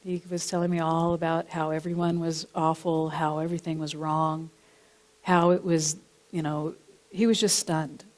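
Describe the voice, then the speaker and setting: Her voice low with little pitch movement at a moderate pace, a woman minister preaches in a church sanctuary. Her sermon weaves in a counseling story from her own experience, and she keeps repeating and rephrasing her points.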